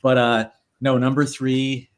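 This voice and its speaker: A man's voice: mid-range voice, flat delivery, takes it slowly, smooth. A man appearing as a podcast guest, speaking hesitantly with many fillers and joking asides. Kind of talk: casual podcast chat.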